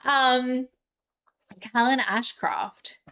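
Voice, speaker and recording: A young woman streaming live and chatting casually with her viewers. Her voice sits high, and she giggles often and leans on plenty of fillers. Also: drawn-out words, pushed and bright, clean tone. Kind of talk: casual live-stream chat, reading chat aloud.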